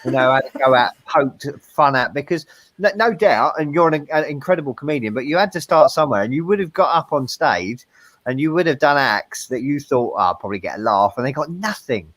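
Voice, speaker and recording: A man with a South East London accent, co-hosting a podcast and asking relaxed, chatty questions. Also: fairly high pitch, brisk, no echo. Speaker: podcast co-host. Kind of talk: casual chat.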